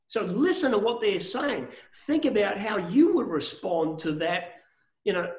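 A man teaching a business seminar with energy, his voice pitched quite high for a man. He keeps acting out bits of phone calls and restarting his sentences, and the room around him rings with echo. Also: sing-song, moderate pace. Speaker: business coach. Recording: echoey room.

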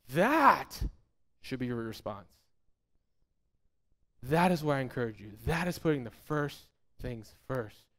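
A man preaching a fervent, emphatic sermon as a pastor, repeating phrases and dropping soft and low at the end of his points.

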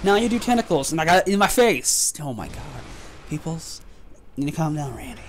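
A man's voice: a little high, very animated, brisk, a little hiss or hum. A man giving frustrated, profane trash-talking commentary while playing a game. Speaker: gaming video host. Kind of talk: gameplay commentary.

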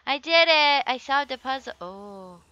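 A young woman giving casual gameplay commentary, chatty and excitable, with loud outbursts and some swearing. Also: high voice, measured pace, highs cut off. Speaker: let's play gamer.

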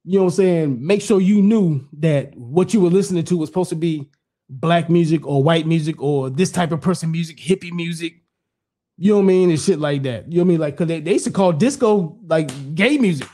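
Middle-aged man, dark rambling chat. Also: on the high side, brisk. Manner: rambling, repeats "you know what I'm saying", blunt and profane. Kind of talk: casual podcast chat.

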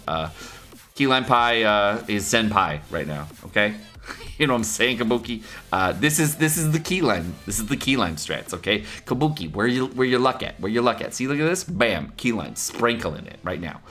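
A man's voice: medium pitch, bright, forceful tone. Hyped, joking gaming YouTuber guy. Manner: joking trash talk, hyped, laughing often. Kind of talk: casual gameplay commentary.

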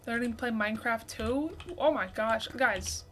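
A woman in her twenties, her voice a little high and her pace moderate, hosts a casual gaming livestream with slight background noise. She chats, reads out viewer messages, and excitedly thanks those who send gifts.

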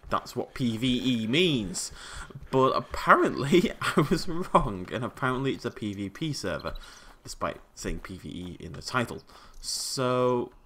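A man giving casual, jokey commentary over a survival game, prone to sudden startled yelling. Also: mid-range voice, a little hiss or hum. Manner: chatty, jokey, yells when startled. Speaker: gaming YouTuber.

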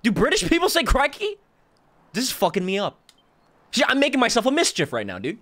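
A young man streaming a video game, excitable and joking with crude language and quick laughter. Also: extremely high pitch. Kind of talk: live let's-play commentary.

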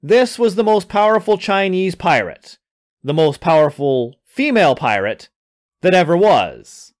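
A man reading his own adventure story aloud, narrating in an expressive storytelling manner. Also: sits high, measured pace.

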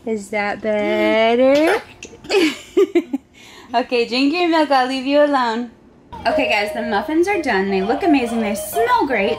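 A woman's voice: on the high side, lively intonation, measured pace, background noise. A young American woman vlogging at home in her kitchen, chatting casually and using doting baby-talk with her toddler. She is pregnant and sounds close to tears in places. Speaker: family vlogger.

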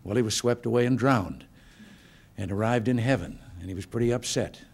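An older man from the United States giving informal remarks to staff in a hotel function room, with relaxed, folksy storytelling and dry humor. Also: medium pitch, fairly quick, creaky, heavy background noise. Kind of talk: informal speech with joke stories.

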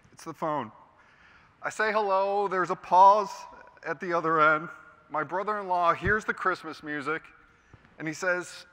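A middle-aged man, a radio host, telling a personal story on stage with dramatic pauses. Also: high voice. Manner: dramatic storytelling, quiet and heavy at moments. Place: large conference hall. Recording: hall reverb from a stage.

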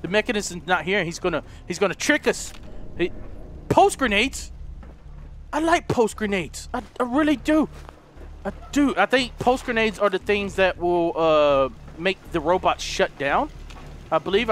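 A young man doing let's play commentary, excitable, yelping and swearing at the enemies he fights. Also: high-pitched, a little hiss or hum. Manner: excitable, yelps and shouts at the game; swears, trash-talks enemies. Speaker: gaming YouTuber.

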